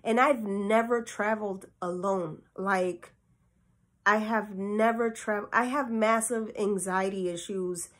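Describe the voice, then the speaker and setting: A woman's voice: medium pitch, a little slow. Chatty woman telling a personal story. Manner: candid, chatty, emotional, swings between soft and excited. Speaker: vlogger.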